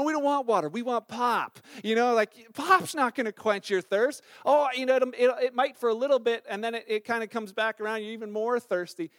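Middle-aged guy pastor, really high voice, dry close sound, rambly chatty sermon. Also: smooth, no echo. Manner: conversational, animated storytelling with many fillers. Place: church.

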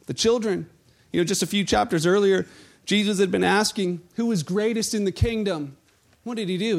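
A male pastor delivers his sermon in a high, gravelly voice. He retells the scene with animated storytelling and slips into the voices of the crowd.

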